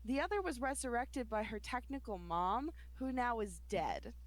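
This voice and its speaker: A woman's voice: a little high, very animated, moderate pace, no echo. A woman playing a tabletop role-playing game, talking in a sarcastic way and swearing freely. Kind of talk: in-character tabletop play.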